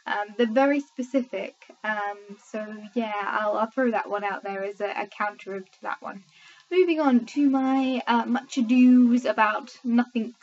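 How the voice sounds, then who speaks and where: Sleepy young English woman vlogger, rambling chat full of ums, fairly high voice, dull lo-fi webcam sound. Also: a little slow, a little mellow. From England. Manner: rambling, many filler ums. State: sleepy, tired late at night. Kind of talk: casual chat to camera. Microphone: laptop webcam mic. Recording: lo-fi webcam audio.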